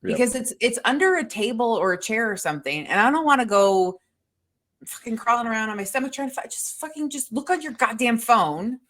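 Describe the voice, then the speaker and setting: A woman's voice: fairly high pitch, animated, a little fast, fairly bright tone. A middle-aged woman co-hosting a podcast, telling stories in a profane, exasperated casual chat. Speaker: podcast co-host.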